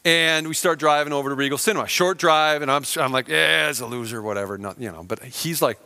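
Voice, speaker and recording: Bright-voiced storytelling pastor. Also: male voice, a little high, fast talker. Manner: storytelling, acts out friends' lines with big swings in loudness. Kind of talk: sermon.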